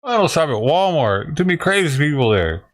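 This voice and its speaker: A man's voice: a little high, very animated, brisk. A man reacting to a video in casual, crude and heavily profane commentary, sounding exasperated. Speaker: reaction streamer.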